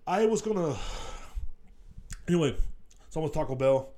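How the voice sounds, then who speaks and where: A middle-aged man hosts a crude comedy podcast, cursing through a rambling rant. His pitch sits a little high and swings widely as he mocks other people's voices. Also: lively intonation, moderate pace, warm tone. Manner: profane, rambling, mocking voices mid-rant. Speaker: podcast host.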